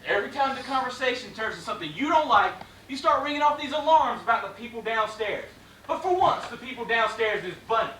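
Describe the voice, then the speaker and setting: A man's voice: extremely high pitch, lively intonation, fast, slight background noise, heavily acted. A man playing an exasperated, bitter husband in a live stage play, ranting at his wife. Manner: loud, ranting stage delivery. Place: theater stage. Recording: echoey stage sound, mic far off.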